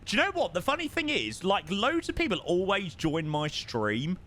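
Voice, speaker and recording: A chatty man with a southern English accent, casually talking through a live stream and reacting to chat. His voice swings up and down a lot and has a bright, forward edge. He swears freely and keeps things loose. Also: high-pitched, very animated, moderate pace. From southern England. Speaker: flight sim streamer.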